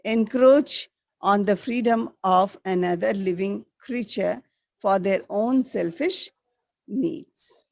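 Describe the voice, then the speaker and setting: Woman teacher, slow delivery, dry close sound. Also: medium pitch, vocal fry, darkish tone, no echo. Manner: slow, repeats key words for students. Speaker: schoolteacher. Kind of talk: classroom lesson.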